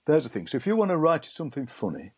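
A middle-aged man, a poet being interviewed, telling lively anecdotes and acting out voices he overheard. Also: on the high side, fast, slightly rough, no room sound. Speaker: poet and broadcaster, guest. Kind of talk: interview storytelling. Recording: dull lo-fi dry sound.

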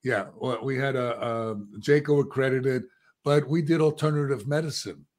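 A man's voice: medium pitch, steady tone, normal speed, darkish tone. A man hosting an interview podcast, talking conversationally with lots of fillers and asking direct questions. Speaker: podcast host.

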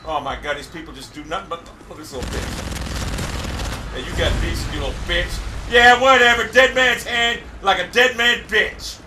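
A man commentating his own gameplay live, cursing and boasting, often breaking into frustrated shouting. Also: a little high, moderate pace. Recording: echoey room, distant mic, faint hiss.

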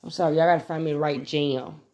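A woman's voice: sits low, fast talker. A woman venting to her viewers in a casual, blunt, profane way, then drifting into a tarot reading. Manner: animated, blunt and profane, talks straight to her audience. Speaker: vlogger doing a live tarot reading.

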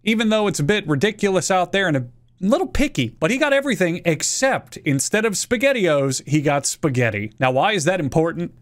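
High-voiced ranting man. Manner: ranting, profane, sarcastic. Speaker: YouTube host. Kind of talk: comedic commentary.

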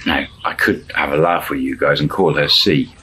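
A man's voice: a bass voice, steady tone, normal speed, pushed and bright, slightly rough, low-quality recording. A man telling a story in a casual spoken style, chuckling and acting out the dialogue in shifting voices. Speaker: storyteller channel host.

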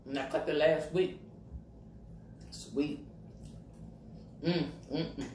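A woman's voice: low voice, slow, mellow. A woman chats casually to her viewers while eating, humming over her food and talking with her mouth full. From Virginia, USA. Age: 50s. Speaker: mukbang vlogger. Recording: echoey room with faint noise.

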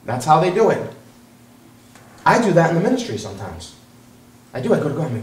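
A male pastor preaching a sermon, animated and quick to act out the voices of other people. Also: fairly high pitch, reverberant, far from the mic, rough recording.

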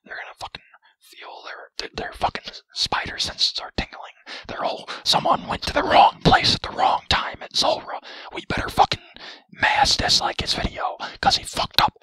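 A man's voice: bright, forceful tone, dry recording, poor audio. A man doing whispered role-play as a greedy, grumpy male cartoon crab, commenting on his gameplay with foul-mouthed, rambling, self-mocking chatter. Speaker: gaming commentator.

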